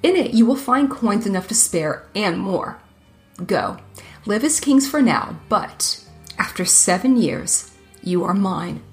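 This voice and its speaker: A woman voicing a cunning male dragon in a storybook reading, speaking smoothly and smugly. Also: mid-range voice, expressive, takes it slowly, soft background music. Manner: smooth and smug.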